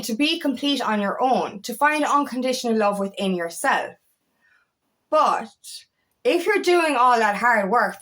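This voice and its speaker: A woman's voice: a little high, fairly bright tone. Blunt, swearing woman spiritual coach. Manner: blunt, emphatic, swears freely. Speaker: twin flame coach. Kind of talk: unscripted spiritual talk to camera.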